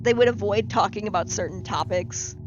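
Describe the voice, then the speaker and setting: A woman streaming a game, telling stories in a casual, animated way, acting out quotes and swearing freely. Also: mid-range voice, fairly quick, highs cut off, over music. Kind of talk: casual gaming chat and storytelling.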